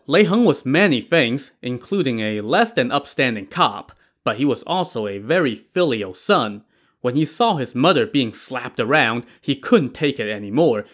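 A man telling an old story in a relaxed, casual way. He drops in wry, sarcastic asides and keeps his voice at a middling pitch. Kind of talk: casual narration of a classic tale.

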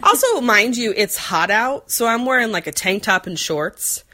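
A woman's voice: a little high, expressive, moderate pace, pushed and bright. A woman in her forties telling a rambling story in casual chat, full of fillers and playful put-on voices. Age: 40s. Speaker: podcast co-host.

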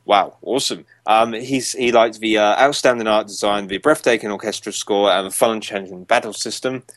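Young guy hosting a podcast, lowish voice, dry close sound, rambly and chuckly. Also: fairly quick, no room sound. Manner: rambling, chuckling, reads out reviews. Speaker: podcast host. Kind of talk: casual podcast chat.

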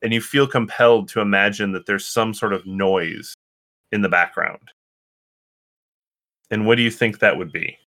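A man's voice: fairly low pitch, moderate pace, pauses often, sharp tone. A man narrating a tabletop game as game master, hesitant and full of restarts. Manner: hesitant, many fillers and restarts.

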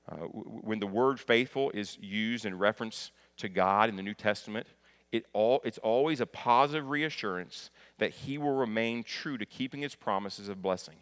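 A man's voice: fairly low pitch, fairly bright tone, long reverb tail. A man preaching a sermon in an earnest way, who repeats key phrases for emphasis and restarts words. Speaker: pastor.

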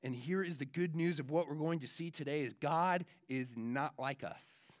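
Animated pastor telling kids a story. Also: male voice, fairly high pitch, moderate pace, no room sound, studio quality. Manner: animated storytelling, many fillers. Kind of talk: children's sermon.

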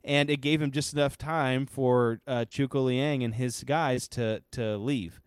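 A man's voice: mid-range voice, steady tone, a little slow, smooth, no echo. A man co-hosting a podcast in casual chat, rambling with many restarts and fillers. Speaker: podcast co-host.

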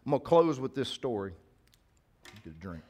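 A man's voice: mid-range voice, big pitch swings, moderate pace, mellow. Male pastor, mid-range voice, preaching conversationally to his church. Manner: conversational preaching with call-outs to the congregation. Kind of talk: sermon.

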